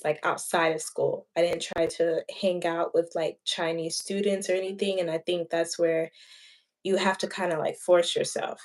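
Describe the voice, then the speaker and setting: A woman's voice: lowish voice, darkish tone. Rambling woman, casual chat. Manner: rambling, filler-heavy, thinking aloud. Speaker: channel host.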